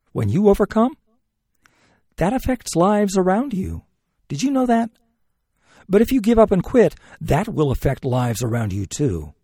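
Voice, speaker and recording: A man preaching a sermon in an earnest, pleading way, often dropping low and soft on key words. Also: slightly rough, no room sound, studio quality.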